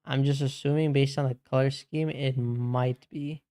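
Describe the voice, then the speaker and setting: A man's voice: mid-range voice, steady tone, normal speed, warm tone. A young man streaming games, chatting casually with his chat and reading messages aloud, laid-back and saying "bro" a lot. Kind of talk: casual live-stream chat while gaming.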